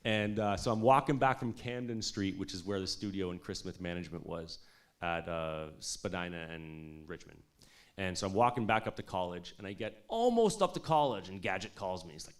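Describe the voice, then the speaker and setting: Swearing, animated man telling studio stories. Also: sits low, a little fast. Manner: animated, swearing, lots of "like" and "you know". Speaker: music producer speaking at an industry showcase. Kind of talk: casual storytelling talk.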